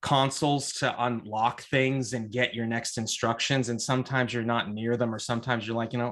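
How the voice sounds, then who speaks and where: A chatty podcast man with a mid-pitched voice tells a story with lots of energy. He stumbles over his words and restarts, then slips into quick put-on voices when he quotes people. His background in theater shows in how he plays things out. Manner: animated storyteller who acts out quotes with many restarts; theater-trained. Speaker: podcast co-host reporting on a trip. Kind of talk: casual chat.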